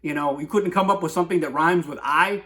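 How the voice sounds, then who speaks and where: A man's voice: a little high, quick pace, bright, forceful tone. A man hosting a comic poetry talk in a rambling, digressive monologue, constantly asking "right?".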